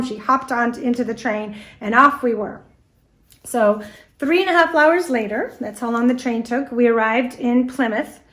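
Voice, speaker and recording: This lively American woman is a guest speaker on antique doll history, delivering a storytelling presentation. Her voice runs on the high side, and she tells her anecdotes with energy, quoting what others said.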